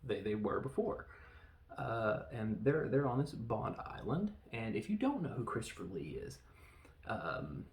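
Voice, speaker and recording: Man, podcast host, gravelly voice, joking and self-deprecating, casual rambling review, echoey room. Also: lowish voice, very animated, a little slow, a little mellow. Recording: roomy echo.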